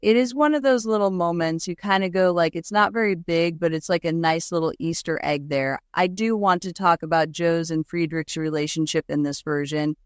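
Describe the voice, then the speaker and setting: A woman's voice: lowish voice, moderate pace, hardly any pauses, clean tone, no echo, studio quality. A woman co-hosting a podcast, talking through a film adaptation in a chatty, reflective way. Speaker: podcast co-host. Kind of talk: casual chat.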